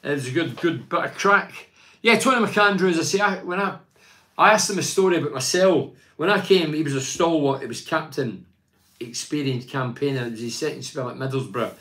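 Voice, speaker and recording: A man's voice: a little high, brisk, sharp tone. An older man talks football in a loose, chatty way, giving blunt verdicts and wandering off on tangents. He reads fan messages aloud and answers them in his own plain, opinionated voice. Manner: blunt and opinionated, rambling with restarts. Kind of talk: casual fan chat.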